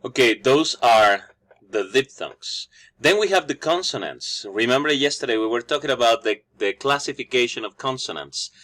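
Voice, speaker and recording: A man's voice: medium pitch, expressive, normal speed, fairly bright tone. A man whose first language is Spanish teaches English phonetics, explaining each sound and repeating every example word after the audio.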